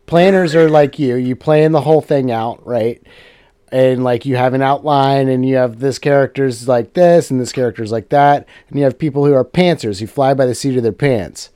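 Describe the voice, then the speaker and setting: A man co-hosting a podcast about running tabletop games, explaining his habits in a casual, animated, rambling way. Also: medium pitch, moderate pace, clean tone, dry recording, studio quality. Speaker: podcast co-host, game master.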